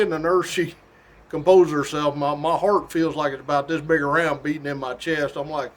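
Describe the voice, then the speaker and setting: A middle-aged state trooper telling a story from his job in a casual, animated way, laughing often. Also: a little high, moderate pace. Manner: animated, laughs often, folksy drawl-like phrasing.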